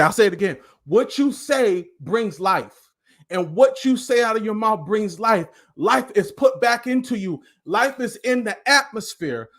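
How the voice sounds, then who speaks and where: Passionate man giving a motivational talk. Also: very high-pitched. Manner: passionate, preaching cadence, at times loud. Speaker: motivational speaker and life coach. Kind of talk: live-streamed motivational talk.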